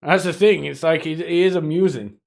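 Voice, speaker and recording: A man's voice: a little high, fairly quick, creaky. Rambling, swearing male streamer. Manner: rambling, profane, laughing. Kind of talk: casual live-stream commentary.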